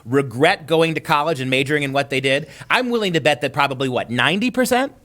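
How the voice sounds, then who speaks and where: An emphatic male talk show host presses his points and repeats key words for weight. His voice sits fairly high for a man. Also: lively intonation, quick pace, a bit bright. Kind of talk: political talk show banter.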